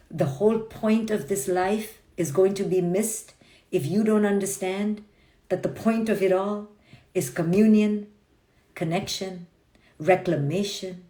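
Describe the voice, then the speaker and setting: A woman psychologist giving a brisk, blunt motivational talk on a phone livestream, acting out people's inner voices as she goes. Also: medium pitch, mellow. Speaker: clinical psychologist and author. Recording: roomy echo.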